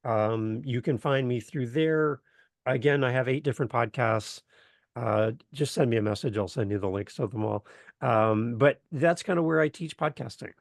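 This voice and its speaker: A man from Canada, a podcast guest telling a lively story and acting out the voices in it. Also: mid-range voice, moderate pace, creaky, dry recording, studio quality. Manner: animated, acts out voices in anecdotes. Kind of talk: enthusiastic storytelling in interview.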